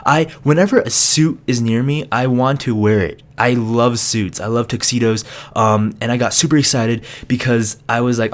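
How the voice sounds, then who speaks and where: A young man, a college student, casually telling a funny story to camera, laughing and acting out voices. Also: medium pitch. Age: young adult. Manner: animated, laughing, acts out voices. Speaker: vlogger.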